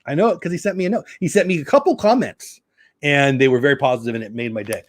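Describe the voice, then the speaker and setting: A man's voice: medium pitch, fast, no room sound, clean studio sound. A middle-aged man hosting a casual live stream, chatting and greeting viewers by name. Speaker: YouTube live stream host.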